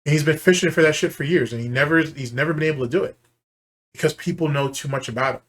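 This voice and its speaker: A man's voice: a little high, fast. Angry ranting male commentator. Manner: heated, profane, scornful ranting. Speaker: commentary channel host. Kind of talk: reaction commentary rant.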